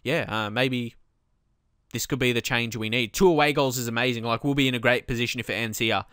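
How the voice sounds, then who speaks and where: A man hosting a football game let's play, his voice bright and clear, slightly high for a man. He talks through tactics at an easy pace, then bursts out yelling at his defence when things go wrong. The sound is dry and close. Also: a little fast, no echo. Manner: excitable, shouts at the game, then calm explaining. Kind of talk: video game commentary.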